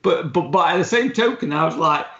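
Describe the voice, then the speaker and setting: A man's voice: on the high side, lively intonation, a little fast, vocal fry, sharp tone. A man co-hosting a podcast, casually telling a travel story with laughs and the odd swear. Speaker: podcast co-host. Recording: roomy, dull-sounding recording.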